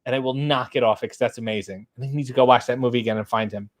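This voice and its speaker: A man's voice: mid-range voice, fairly even intonation, racing. A middle-aged man hosting a casual live stream, reading out viewer comments and bawdy limericks with a playful sing-song lift. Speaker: host.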